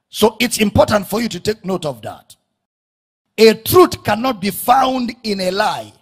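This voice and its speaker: A man preaching a sermon, breaking into shouts and sing-song rises and drawing out key words. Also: high-pitched, animated, measured pace, breathy edge. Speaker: pastor.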